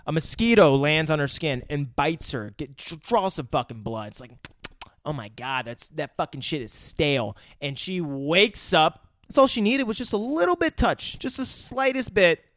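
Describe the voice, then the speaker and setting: Excitable swearing man recapping a movie. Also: fairly high pitch, moderate pace, few pauses, no room sound. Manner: profane, excitable retelling of scenes. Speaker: podcast co-host. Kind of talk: casual movie review chat.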